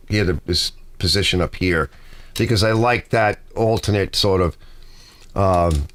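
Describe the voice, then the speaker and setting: A middle-aged man hosts a livestream from his garage, chatting casually, reading viewer comments and rambling through stories as a talkative storyteller. His voice is low with a fairly bright tone.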